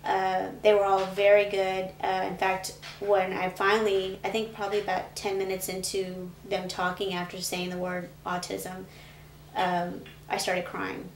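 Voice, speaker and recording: A woman's voice: mid-range voice, monotone, measured pace. A woman being interviewed, earnestly recounting a hard, emotional memory. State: pregnant. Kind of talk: emotional personal account. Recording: echoey room with faint noise.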